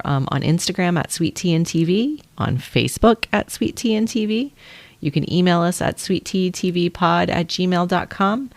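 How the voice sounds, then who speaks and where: A woman co-host with a low voice and a gravelly edge, chatting casually. She sounds wry and organized as she steers the episode to its close. Her voice is close and dry, with no room sound. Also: a little mellow, no echo. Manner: wry, organized, runs the sign-off. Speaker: podcast co-host. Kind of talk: casual chat.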